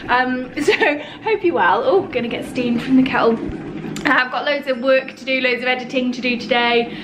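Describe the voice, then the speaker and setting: Chatty high-voiced British woman vlogger. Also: moderate pace, noisy background. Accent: British English. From United Kingdom. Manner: chatty, candid, informal slang. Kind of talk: casual vlog chat to camera. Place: home, indoors.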